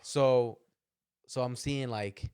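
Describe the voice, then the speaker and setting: Animated, laughing young man telling a story. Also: takes it slowly, smooth. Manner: animated, laughing, acts out quotes in higher voices. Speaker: podcast co-host. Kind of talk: casual storytelling chat.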